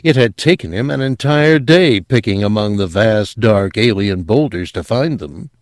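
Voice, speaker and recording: A man narrating an audiobook in an expressive, dramatic reading style. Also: fairly low pitch, normal speed, dry recording, clean studio sound.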